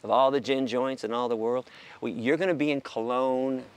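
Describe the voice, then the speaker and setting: A middle-aged American man from the United States, a guest in a casual interview, telling stories in an animated, profane way and acting out quotes. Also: medium pitch, normal speed, clean tone.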